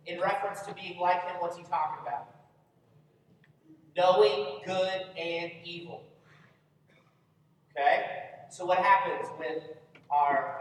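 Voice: mid-range voice, slight background noise. A Bible study teacher leading an interactive lesson, constantly quizzing the group with questions. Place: large echoey meeting room. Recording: very echoey hall, speaker far from mic.

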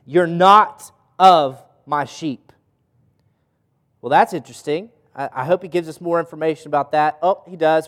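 A man's voice: sits high, in a large hall. A man teaching a Bible study as a pastor, often asking the audience questions.

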